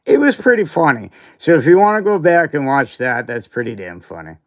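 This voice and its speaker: A man's voice: fairly high pitch, big pitch swings, a little fast, a bit bright. A man hosting a casual livestream, rambling and grumbling with mild cursing. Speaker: livestream host.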